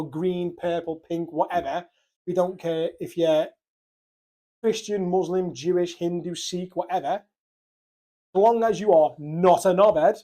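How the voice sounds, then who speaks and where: A young man from Liverpool with a Scouse accent, co-hosting a podcast in casual, sweary, animated chat. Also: high voice. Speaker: podcast co-host.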